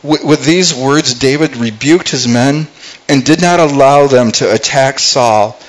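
A man's voice: medium pitch, unhurried, poor audio. A man preaching a sermon, reading scripture aloud and retelling it, often repeating words and restarting as he goes. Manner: reads scripture then paraphrases with acted character voices. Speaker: pastor.

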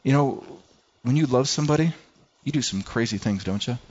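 A man from Michigan preaching a sermon as pastor, earnest and conversational, swinging from soft murmurs to loud declarations. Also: mid-range voice, a little fast, slightly rough. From Michigan, USA. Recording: dull lo-fi sound.

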